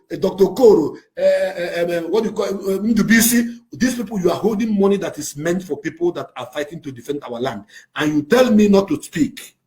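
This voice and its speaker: Facing the camera, a Nigerian-accented man delivers an activist's rant full of passion, moving from loud shouting to quiet, intense stretches and back.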